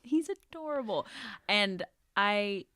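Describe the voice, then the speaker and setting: A young woman from the American South co-hosting a casual podcast, relaxed and easy-going. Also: medium pitch, slow pace, clean tone, no room sound. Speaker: podcast co-host. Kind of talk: casual chat.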